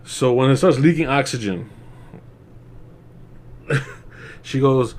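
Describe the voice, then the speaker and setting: A man's voice: medium pitch, slow, pauses often, darkish tone. Young man, casual movie reviewer, rambling and profane, laughs often.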